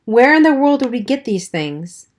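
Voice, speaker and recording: A woman's voice: fairly high pitch, big pitch swings, normal speed, pitched above the performer's own voice. A woman voicing a frightened teenage boy who speaks in a panicky, pleading way, in an audiobook.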